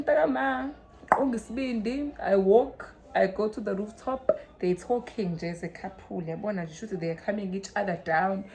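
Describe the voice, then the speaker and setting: A young South African woman telling a story in a casual, animated way, mixing Zulu into English and swinging from loud to hushed. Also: a little high. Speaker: vlogger.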